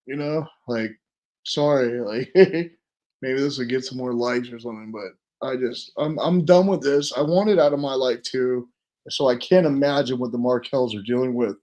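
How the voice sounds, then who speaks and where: A man guesting on a podcast, talking in halting, emotional bursts. He breaks off, restarts, and pokes fun at himself. His voice sits mid-range. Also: mid-range voice, a little mellow. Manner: halting, emotional, self-deprecating. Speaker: guest witness.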